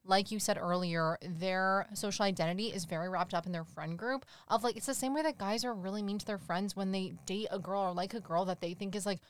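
A woman's voice: mid-range voice, fairly quick, few pauses, clean tone. A young woman co-hosting a podcast, chatting casually about a movie, laughing often and saying "like" a lot. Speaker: podcast co-host. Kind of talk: casual movie recap chat.

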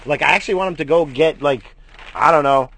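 A man hosting a casual morning vlog, rambling and swearing, jumping between loud bursts and low mutters. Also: a little fast. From United States. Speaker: morning stream host.

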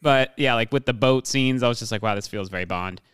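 Brief: young male co-host, smooth low voice, dry close mic, loose rambling chat. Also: a little fast, a bit bright, dry recording. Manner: rambling, filler-heavy, laughs often. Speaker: podcast co-host. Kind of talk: casual movie discussion.

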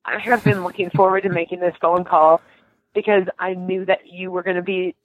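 A young woman telling a story in a casual interview, animated and emotional, with many restarts and laughs. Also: fairly low pitch, normal speed, dry recording. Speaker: guest. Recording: dry, tinny phone-like line.

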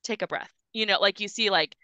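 A woman's voice: mid-range voice, fairly quick, bright, forceful tone, dry recording, poor audio. A woman hosting a faith podcast, chatty and encouraging as she affirms her guest. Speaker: podcast host. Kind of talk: casual faith talk.

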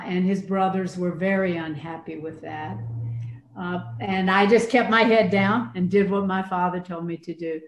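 Older woman priest in an echoey room. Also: on the low side. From Atlanta, USA. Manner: storytelling, animated with laughs. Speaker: priest and former university chaplain. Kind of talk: conversational reflection. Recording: roomy echo.

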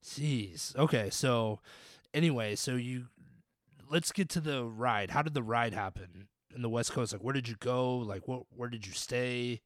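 A man's voice: mid-range voice, measured pace. A man hosting a podcast, asking casual questions and reacting with short interjections. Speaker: podcast host.

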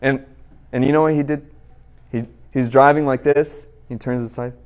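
A man's voice: mid-range voice, fairly even intonation, moderate pace, a little mellow. A man in his thirties preaching a sermon, telling a personal story in a conversational way and speaking straight to his audience.

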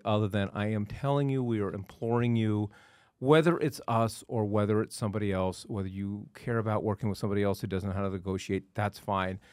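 A man hosting a real estate podcast, telling a story in an animated, emphatic way. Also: lowish voice, dry recording, clean studio sound. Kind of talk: casual chat.

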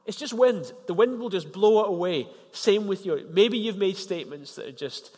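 A man preaching a sermon, animated, rising in pitch and loudness to press his points. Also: moderate pace, breathy edge. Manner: animated, rises in pitch and volume for emphasis. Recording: long hall reverb.

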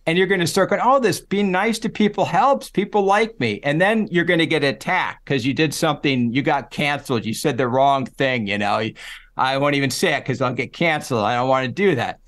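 A middle-aged man, a psychology professor, talking in a relaxed interview and acting out the voices he quotes. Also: mid-range voice, brisk. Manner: animated storyteller, acts out quoted voices. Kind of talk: casual conversational interview.

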